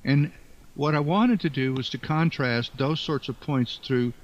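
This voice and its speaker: An older man being interviewed as an author, speaking in a halting, thoughtful way with many fillers and restarts. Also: mid-range voice. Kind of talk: reflective interview talk. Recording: dull lo-fi sound.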